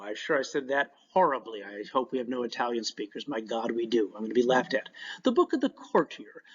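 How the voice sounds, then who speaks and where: A man teaching a recorded class lecture in an animated way, with joking asides. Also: mid-range voice, slightly rough. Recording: dull lo-fi recording.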